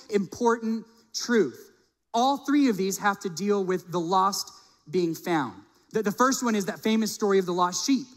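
A middle-aged male pastor telling a personal story in a sermon, animated, acting out the people he quotes. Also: high-pitched. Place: church sanctuary. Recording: long reverb of a large hall.

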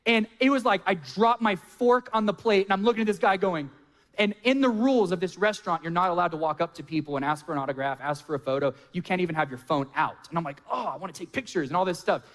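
A male pastor preaching a sermon, telling a self-mocking personal story in an animated way. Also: high voice, fast. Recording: long hall reverb.

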